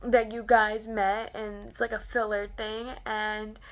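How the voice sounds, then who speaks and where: A young woman vlogger excitedly telling a story to camera, gushing and full of "like" fillers. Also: mid-range voice, a little slow.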